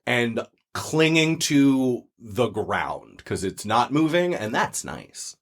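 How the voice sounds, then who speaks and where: A man's voice: mid-range voice, big pitch swings, takes it slowly. A man narrating a tabletop game as game master, in a loose, casual way with fillers.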